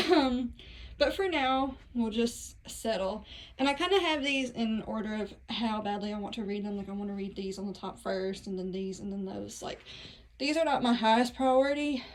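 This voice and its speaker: Young Southern woman, slightly high, casual and chatty, self-deprecating vlog host, phone mic in a bedroom. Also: darkish tone, a little hiss or hum, low-quality recording. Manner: chatty, self-deprecating, giggly asides to viewers. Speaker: book vlogger. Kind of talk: casual bookshelf tour. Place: bedroom at home. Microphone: phone camera.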